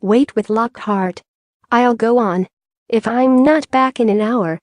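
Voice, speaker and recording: A woman's voice: on the high side, slow pace, darkish tone, no echo, studio quality. A woman reading the lines of a tense, brave twelve-year-old boy wizard in an audiobook, with a shaky edge.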